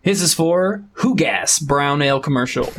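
A man's voice: on the high side, animated, unhurried, slightly rough. A man co-hosting a casual podcast, reading listener-written commercial scripts aloud, doing light voices and often laughing.

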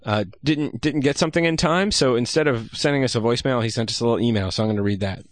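A man's voice: mid-range voice, quick pace, dry recording. Rambling casual male podcast host. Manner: rambling, swears casually, many restarts. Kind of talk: casual chat.

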